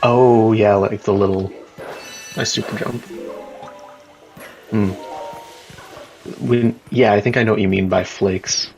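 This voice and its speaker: A man's voice: fairly low pitch, fairly even intonation, slow, pauses often, darkish tone, soft background music. A man casually commentating a live speedrun race, joking around and explaining tricks.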